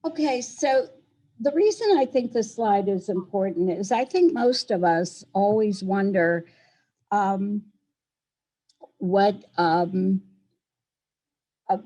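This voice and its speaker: An older woman, a Holocaust educator, giving measured, earnest testimony over a laptop microphone from a friend's apartment. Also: mid-range voice, dark tone, rough recording. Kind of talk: prepared testimony talk.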